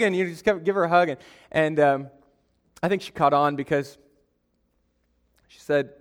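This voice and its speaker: A man's voice: a little high, a little slow, pauses often, clear, resonant tone. A young adult man preaching a sermon as a pastor, in a conversational storytelling way with self-deprecating humor.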